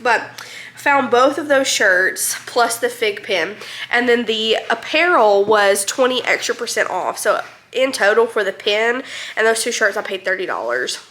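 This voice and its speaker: Woman vlogger, bright tone, rambling and friendly filler-heavy delivery. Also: mid-range voice, lively intonation, measured pace, a little hiss or hum. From North Alabama, US. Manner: chatty, many ums and likes. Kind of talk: casual rambling recap.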